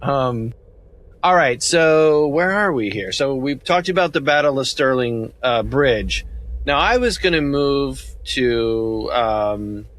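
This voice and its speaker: A man hosting a casual podcast chat about a movie, laughing often and quoting lines from it. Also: mid-range voice. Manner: animated, laughs often, quotes lines from the film. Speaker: podcast host.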